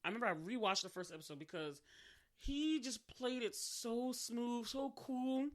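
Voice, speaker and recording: A woman co-hosting a podcast in casual chat, animated and excited, laughing often. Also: fairly high pitch, normal speed. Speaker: podcast co-host.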